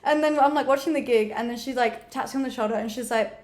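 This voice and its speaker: A quick, high-voiced woman, spinning a story in casual chat. She swears freely and acts out what people said as she goes. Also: darkish tone. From Australia. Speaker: guest.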